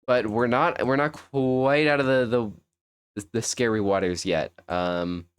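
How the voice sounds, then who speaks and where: A man's voice: medium pitch, steady tone, unhurried, clear, resonant tone. A young man commentating a fighting game on a live stream, thinking aloud in a rambling, self-correcting way.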